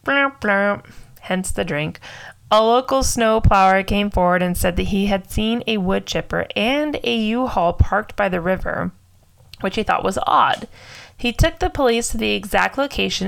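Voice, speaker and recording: A woman's voice: mid-range voice, gravelly, low-quality recording. A young woman co-hosting a casual true crime podcast, getting tongue-tied, apologizing and giggling as she reads out details. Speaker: podcast co-host.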